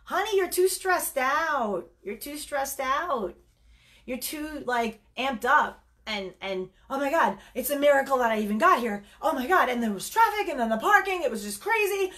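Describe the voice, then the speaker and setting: A woman voicing a frazzled, flustered woman who gushes breathlessly as she rushes late into a date. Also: animated, a bit bright. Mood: frantic. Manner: breathless gushing, high and rushed.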